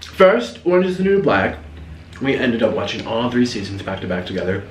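A man's voice: medium pitch, a little fast, distant mic. A man telling a casual story while eating on camera, chatty and dramatic. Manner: chatty, animated, dramatic asides. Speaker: mukbang vlogger. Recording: roomy echo, set back from the mic.

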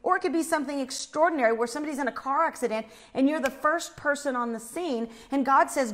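A woman telling a personal faith story in an animated way, acting out the screams she describes. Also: high voice, fast, hardly any pauses, a little hiss or hum.

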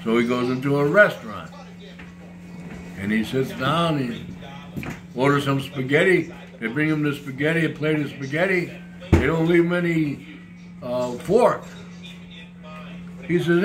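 Gruff, crude older grandfather. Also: a little high, measured pace, pauses often, music in the background. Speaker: grandfather and joke teller. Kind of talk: casual chat.

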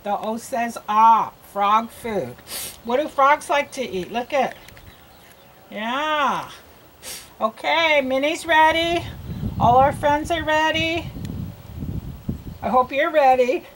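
A woman reading teacher leading a children's phonics lesson, sounding out letters in a slow, sing-song drill. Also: high-pitched, a bit bright, slight background noise.

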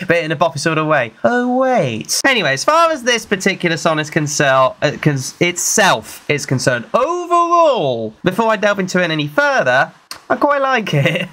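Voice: mid-range voice, big pitch swings, moderate pace, pushed and bright. A vlogger with a British accent, giving casual, chatty reaction commentary with playful laughter. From United Kingdom. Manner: chatty and playful, laughs often, scats beats aloud.

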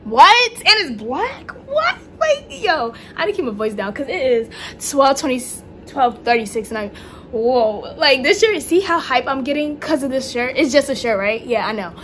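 A young woman talks through a casual home vlog in a high voice, excitable and gushing, full of slang. A faint hum of noise sits behind her. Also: moderate pace. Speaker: vlogger. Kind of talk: casual haul vlog chat. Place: home room at night.

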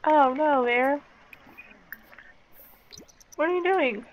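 A woman's voice: high-pitched, extremely slow, slight background noise, low-quality recording. A woman giving casual gameplay commentary, chatting to her game characters and slipping into baby talk. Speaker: game streamer.

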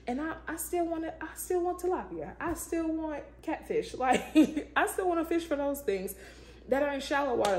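A woman with a fairly high voice shares a casual faith reflection, talking informally and emphatically and often breaking into bursts of praise. The room around her echoes, and a faint ambient hum sits underneath. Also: warm tone. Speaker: vlogger, show host.

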